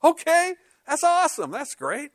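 A man voicing a bewildered, tearful woman churchgoer in a high, plaintive falsetto. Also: huge pitch swings, normal speed, no room sound, clean studio sound.

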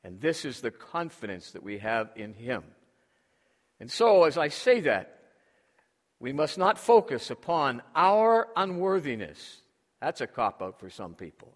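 A man's voice: mid-range voice, sing-song, a little slow. A man preaching a sermon with emphasis, drawing responses from his congregation. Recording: long hall reverb.

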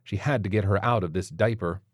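Male audiobook narrator, low and steady, dry studio sound. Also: fairly quick, husky, no echo.

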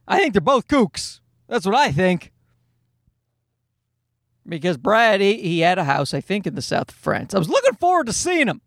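High-voiced man rambling sarcastically on a podcast. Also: big pitch swings, normal speed, a bit bright, no room sound, studio quality. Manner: rambling, sarcastic, jokey asides with put-on voices. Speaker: podcast host. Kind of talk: casual comedic monologue. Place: at home.

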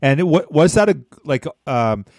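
A man's voice: on the high side, sing-song, moderate pace, a little mellow, no room sound. A man hosting a podcast, asking loose, rambling questions with many restarts. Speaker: podcast host. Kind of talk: casual interview questions.

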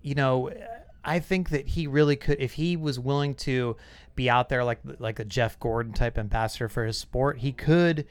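Smooth-voiced man hosting a podcast. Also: medium pitch, normal speed. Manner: chatty, storytelling with quoted asides. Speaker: podcast host. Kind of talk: casual chat.

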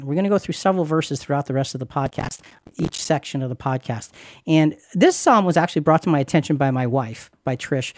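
A man's voice: a little high, darkish tone, no echo, clean studio sound. A man who is a pastor and podcast host, talking earnestly and reassuringly about faith, repeating phrases for emphasis. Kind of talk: conversational Christian podcast teaching.

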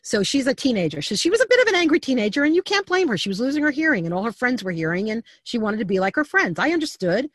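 A middle-aged woman telling family stories as an interview guest, animated and candid, often restarting her sentences. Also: a little high, fast, few pauses, dry recording, studio quality. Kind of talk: storytelling in a podcast interview.

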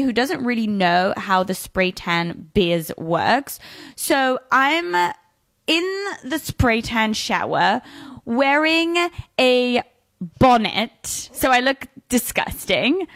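A woman's voice: on the high side, fairly bright tone, no room sound. Chatty woman co-host telling a story. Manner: chatty storytelling with frequent restarts and fillers. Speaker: podcast co-host. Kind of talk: casual podcast chat.

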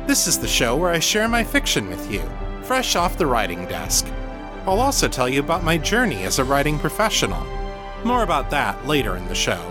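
A man hosting a fiction podcast, giving a scripted introduction in an upbeat, announcing tone. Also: a little high. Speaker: podcast host. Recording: intro music playing behind.

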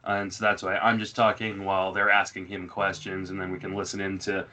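A man's voice: low voice, completely flat delivery, brisk, sharp tone. A man hosting a casual fantasy baseball show, thinking aloud with many fillers as he comments on a live draft. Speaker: fantasy baseball podcast host.

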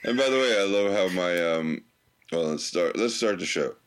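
A man with a low voice hosts a chatty podcast. He jokes around and laughs often as he trades banter with his co-host. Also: expressive, normal speed, slight background noise. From United States. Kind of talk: casual banter.

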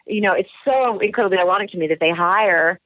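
Talking fast at a medium pitch, an actress and author candidly discusses her writing and career in a radio interview, rambling with frequent restarts and fillers. The recording is dry and phone-like with a narrow band and no echo.

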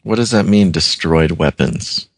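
Low-voiced joking man hosting. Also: measured pace, slightly rough, no room sound, studio quality. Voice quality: joking, animated delivery. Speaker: podcast co-host. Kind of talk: casual comedic chat.

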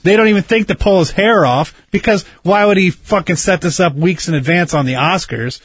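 A man's voice: high voice, brisk, breathy edge, no room sound. A man in casual chat, rambling through a conspiracy story with heavy swearing and insisting he is right. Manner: insistent, argumentative.

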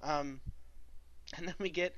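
A man's voice: a little high, fairly even intonation, a little slow, a bit bright, muffled recording, a little hiss or hum. A man co-hosting a podcast, recapping an episode in a rambling casual chat full of fillers and laughs. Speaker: podcast co-host.

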